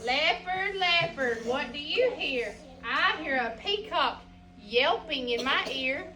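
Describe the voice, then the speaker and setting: A woman's voice: high-pitched, expressive, slow pace, bright, forceful tone, recorded from a distance, poor audio. A woman teacher reading a picture book aloud to a class, asking the children questions in a sing-song way.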